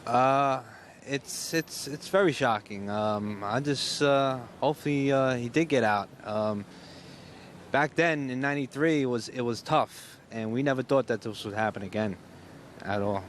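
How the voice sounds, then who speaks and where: A man quietly answering interview questions about his missing father, halting and subdued. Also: medium pitch, a little hiss or hum.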